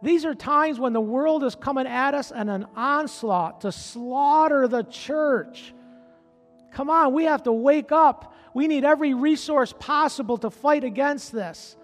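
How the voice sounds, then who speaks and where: A man preaching as pastor of his church, from upstate New York, building from quiet talk to loud, pleading calls to the congregation. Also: very high voice, measured pace, in a large hall, faint music behind. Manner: repetitive rallying calls to the congregation. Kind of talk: preaching a sermon. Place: church sanctuary.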